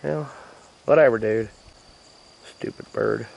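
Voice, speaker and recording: A man's voice: fairly low pitch, takes it slowly, vocal fry, a little mellow, dull audio, slight background noise. A man in a casual, rambling vlog, laid-back and drawling, talking into a handheld camera outdoors in a rural yard. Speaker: homesteading vlogger. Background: crickets and insects outdoors.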